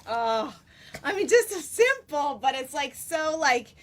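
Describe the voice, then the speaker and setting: A woman in her forties chatting as an interview guest, bubbly and quick to laugh. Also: high voice, big pitch swings, fairly bright tone. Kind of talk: casual interview chat.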